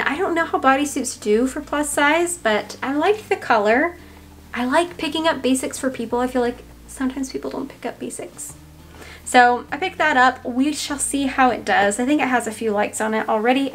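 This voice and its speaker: A woman's voice: sits high, fairly bright tone, slight background noise. A woman with a Southern US accent chatting casually to camera, thinking aloud with fillers as she goes through a thrift haul. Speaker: reseller showing a thrift haul.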